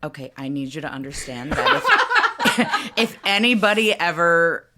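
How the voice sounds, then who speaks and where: A woman's voice: fairly low pitch, animated, normal speed, crowd noise. A woman guest in casual podcast chat, trading playful, self-mocking banter.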